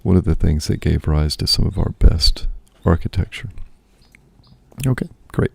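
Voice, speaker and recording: A man's voice: low-pitched, moderate pace, gravelly, darkish tone, breathy edge, no room sound. A man, a priest and host, musing aloud in casual spoken reflection, often checking in with "right?".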